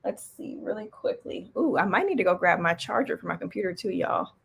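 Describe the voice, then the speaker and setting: A woman's voice: lowish voice, lively intonation, brisk, vocal fry, husky. A woman hosting a casual livestream, chatty and loose, breaking off mid-stream, with an out-of-breath edge. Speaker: livestream host and small business coach.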